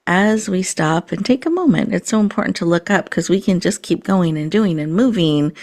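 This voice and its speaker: A woman with a low voice leads a calm guided meditation as a show host. She talks slowly and unhurriedly, easing at times into a soft whisper. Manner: slow, soothing guidance with soft whispered passages.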